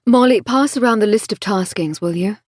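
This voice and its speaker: A woman's voice: mid-range voice, fairly quick, a little mellow, no echo, clean studio sound, pitched above the performer's own voice, close to an everyday voice. A woman voicing a driven woman detective with a firm, commanding manner in an audiobook. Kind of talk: audiobook narration.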